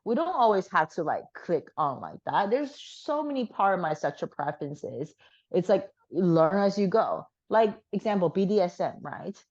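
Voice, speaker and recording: A slightly hoarse woman chatting frankly as an interview guest, with plenty of fillers. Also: on the low side, big pitch swings, normal speed, darkish tone, muffled recording. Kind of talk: casual chat.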